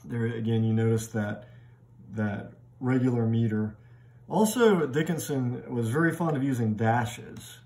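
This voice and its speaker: A middle-aged man lecturing on poetry in a relaxed, conversational voice at an ordinary pitch. He often restarts with doubled words as he thinks aloud. When he reads poem lines, he slows down and sounds them out. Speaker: literature lecturer. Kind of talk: recorded lecture.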